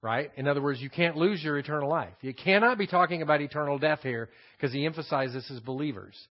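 A man's voice: on the high side, fast. A man with a Texan accent teaching a Bible passage as a pastor. He explains the Greek words and repeats his key phrases. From Texas. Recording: dull lo-fi sermon recording.

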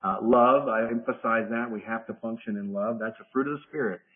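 A man's voice: medium pitch, fairly quick. Man teaching a Bible study over phone-like audio. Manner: conversational, repeats and restarts phrases. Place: church study group, partly remote.

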